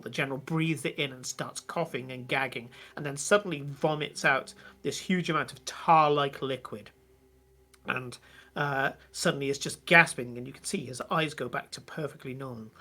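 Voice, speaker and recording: A man narrating a tabletop game as game master, vivid but halting with many fillers. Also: medium pitch, pushed and bright.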